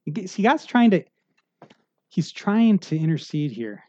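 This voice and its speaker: Pastor preaching in earnest, conversational tones. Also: male voice, sits high, sing-song, unhurried, dark tone, dull audio. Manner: earnest, conversational preaching with frequent "okay?" check-ins. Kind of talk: sermon.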